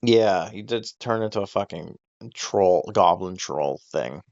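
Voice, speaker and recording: A man's voice: low-pitched, animated, measured pace, creaky, darkish tone, no room sound. A man chats casually on his podcast, rambling, swearing and laughing as he goes. He acts out little quoted exchanges instead of just telling them. The recording is dull and dry, like a home setup with no room sound. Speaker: podcast host.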